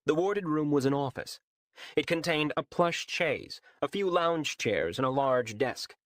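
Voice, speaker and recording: Man narrating with a lively voice. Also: mid-range voice, no echo, clean studio sound. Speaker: audiobook narrator. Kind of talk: scripted fantasy narration.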